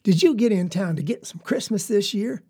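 A woman with a Southern US accent voicing a hearty farmer father who talks in a booming, cheerful way. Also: expressive, normal speed, warm tone, slightly rough.

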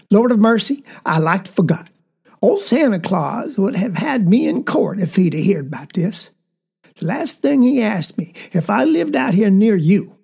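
A woman voicing a jovial, big-hearted rural father with a Southern drawl who shouts out cheerful greetings. His voice is gravelly, husky and mellow. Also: medium pitch, full character voice. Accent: Southern American.

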